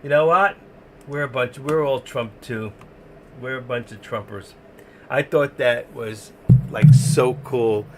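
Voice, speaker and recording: A man's voice: medium pitch, slow, faint music behind. A man with a New York accent hosting a live stream in casual chat, talking bluntly and ramblingly, often laughing.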